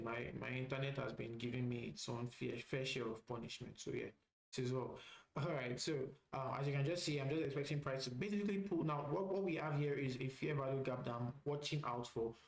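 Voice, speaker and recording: A trading instructor runs a live session, walking through charts in a relaxed way and repeating himself, with plenty of "all right" fillers. His voice is medium-pitched with vocal fry, and the recording is rough and roomy.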